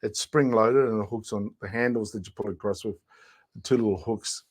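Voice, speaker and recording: A man's voice: fairly low pitch, brisk, low-quality recording. A man hosting a live shopping show, walking through each product's features step by step. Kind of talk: product demonstration.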